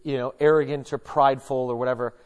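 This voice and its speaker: A middle-aged man preaching in an easygoing, conversational way, dropping in asides and jokes. He swings between lively, emphatic stretches and quiet, earnest ones, talking straight to the congregation. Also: medium pitch, fast. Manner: casual and joking, shifting between lively emphasis and hushed earnestness. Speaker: pastor. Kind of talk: conversational sermon.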